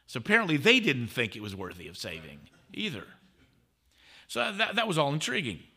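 A man speaking as a guest at a conference, telling a story in an animated way. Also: medium pitch, fairly quick, husky. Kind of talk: conference talk. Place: conference stage.

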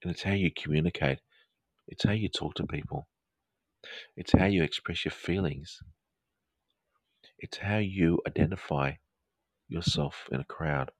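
A man's voice: rumbling low, a little slow, long pauses, no room sound. A man hosting a live counselling chat, rambling and playful, with frequent restarts and jokes. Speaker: counselling host of a live audio show.

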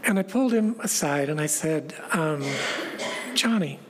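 A woman pastor giving a reflective, measured sermon and repeating key phrases. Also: low-pitched, lively intonation, a crowd in the background. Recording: long reverb, faint background noise.

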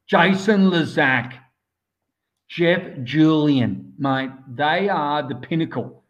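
Slow and a little high-pitched, this Australian man is a swimmer giving an interview. He's enthusiastic and casual, rambling in long stretches and saying "mate" all the time. The sound is lo-fi.

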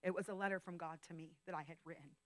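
A woman in her thirties giving a personal testimony as a guest speaker, intimate and emotional, dropping to whispers and rising to loud outbursts. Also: lowish voice, fairly even intonation, very fast, no room sound, rough recording. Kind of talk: testimony talk. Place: training school session.

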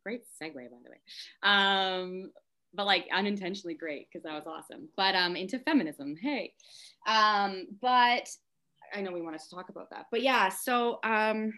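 A woman speaking as a podcast guest, frank and impassioned, talking in rushes and drifting into tangents. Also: medium pitch, sharp tone. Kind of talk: candid podcast conversation.

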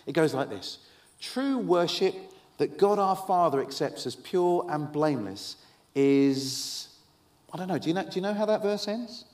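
A man preaching a sermon to an audience, telling a story with lively, wry humorous asides. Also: on the high side, normal speed. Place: event hall with an audience.

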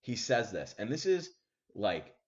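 Low-voiced man telling a story animatedly. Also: measured pace. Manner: animated, full of fillers and acted-out quotes. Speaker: podcast host. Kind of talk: casual storytelling. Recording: dull lo-fi sound.

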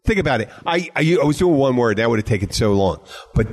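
A man's voice: medium pitch, animated, quick pace. A man hosting a podcast in casual chat, rambling and emphatic, with lots of restarts and swearing. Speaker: podcast host.

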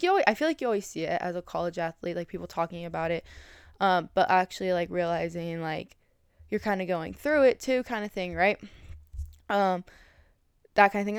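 A woman's voice: on the low side, clear, resonant tone, no echo, clean studio sound. A woman in her twenties hosting a solo podcast, talking casually and rambling with many fillers and restarts. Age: 20s. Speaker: podcast host.

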